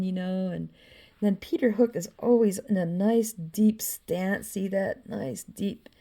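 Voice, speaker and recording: A woman with a warm, mellow voice rambles casually about her own drawings. She swears freely and fills the gaps with "you know.". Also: medium pitch. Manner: loose and profane, with frequent "you know" and laughs. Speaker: vlogger showing her drawings.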